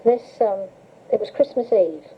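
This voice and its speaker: A woman's voice: medium pitch, moderate pace, a little hiss or hum. Older woman on tinny cassette tape. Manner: chatty storyteller, laughs often. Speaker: interviewee recalling memories. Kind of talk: casual reminiscing.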